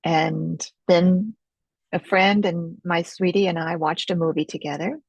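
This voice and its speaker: A middle-aged woman leading an experiential teaching webinar in a gentle, reflective way, pausing often, over a video call mic. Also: on the low side, fairly even intonation, vocal fry, slightly rough, no echo. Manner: gentle, reflective, unhurried with pauses. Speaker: Focusing teacher.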